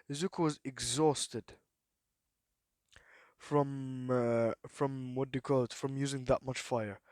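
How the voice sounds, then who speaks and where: A man telling a made-up fan story off the cuff, halting often and filling gaps with "then what?". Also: a little high, no room sound. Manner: halting, full of fillers and repeated "then what?". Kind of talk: rambling improvised fan story retelling.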